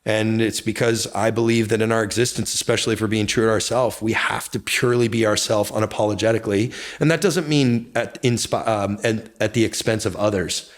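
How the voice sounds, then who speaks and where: A man speaking candidly as an interview guest, intense and confessional, with sudden excited bursts. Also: on the low side, brisk, hardly any pauses. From United States. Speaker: guest, real estate brokerage founder.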